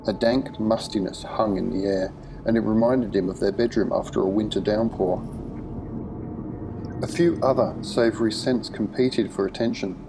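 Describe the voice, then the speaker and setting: Guy reading a horror story aloud, lowish voice, faint background hiss. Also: fairly even intonation, normal speed, gravelly. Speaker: narrator. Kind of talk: horror audiobook narration.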